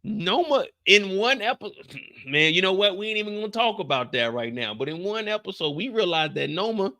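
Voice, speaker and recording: A man's voice: high-pitched, fairly quick. A man on a casual live stream, retelling a TV episode with slang and acted-out lines. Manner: animated storytelling, acts out characters' lines with slang and cursing.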